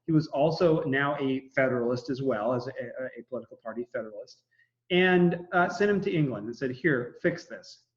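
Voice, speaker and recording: A man's voice: medium pitch, a little fast. Chatty male history teacher, lo-fi sound. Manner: chatty, jokey, lots of fillers and acted-out quotes. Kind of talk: casual classroom lecture. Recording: dull lo-fi recording.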